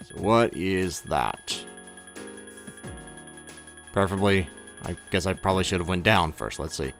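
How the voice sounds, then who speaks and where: Deep-voiced man rambling over gameplay. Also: gravelly, a bit bright. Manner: rambling, self-correcting, chuckles to himself. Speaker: let's play gamer. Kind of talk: casual gameplay commentary.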